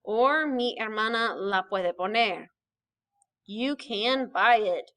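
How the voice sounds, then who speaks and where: A woman's voice: fairly high pitch, slow, a bit bright, clear, resonant tone. A young woman teaching a recorded lesson, explaining patiently step by step and checking in with frequent "okay"s. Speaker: Spanish teacher.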